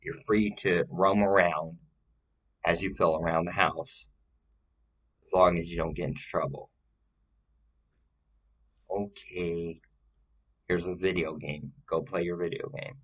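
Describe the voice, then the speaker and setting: A man's voice: sits low, fairly even intonation, measured pace, pauses often, a bit bright, low-quality recording. A man talking to the camera in a rambling personal monologue, profane and full of repeated, restarted phrases.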